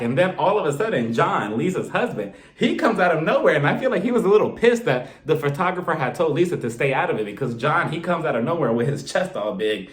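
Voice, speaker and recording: Sassy guy recapping reality tv, kinda high voice, echoey room, does little voices for everyone. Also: fast talker, hardly any pauses. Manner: gossipy, animated, sassy, acts out quotes. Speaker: reality show recap commentator. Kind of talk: casual recap commentary. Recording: roomy echo.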